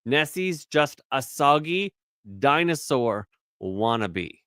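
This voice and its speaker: A man's voice: medium pitch, big pitch swings, slow pace, pushed and bright, clean tone, no room sound, studio quality. A man in his thirties co-hosting a podcast in casual banter, rambling and profane, often restarting his words. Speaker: podcast co-host.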